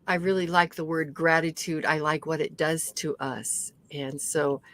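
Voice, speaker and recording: A woman's voice: deep voice, steady tone, measured pace, fairly bright tone. A woman guest on a video call, speaking gratefully, her audio unstable. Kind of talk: casual chat.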